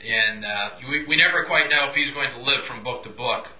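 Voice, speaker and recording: A man's voice: medium pitch, fairly quick, sharp tone. A man hosting an interview, asking questions in a hesitant way with many fillers. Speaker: interviewer host. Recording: echoey room.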